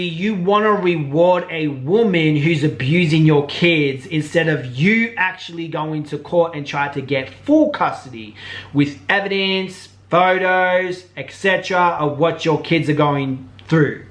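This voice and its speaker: A man's voice: on the high side, unhurried, fairly bright tone. A man hosting a commentary channel, talking bluntly and casually. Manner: blunt, casual, says "bro" and "like".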